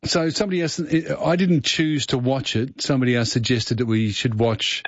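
A man's voice: medium pitch, steady tone, moderate pace, no room sound. A man hosting a radio show, chatting about movies in a rambling, casual way. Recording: muffled radio broadcast.

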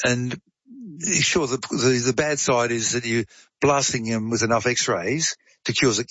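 A man's voice: medium pitch, unhurried, fairly bright tone, no room sound, highs cut off. A man explaining medical science in a casual, chatty way, digressing into stories and asides.

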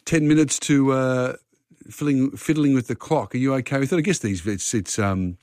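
A man's voice: mid-range voice, normal speed, darkish tone, dry recording, studio quality. Chatty man hosting a radio quiz. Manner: chatty, talks contestants through questions. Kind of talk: casual radio quiz chat.

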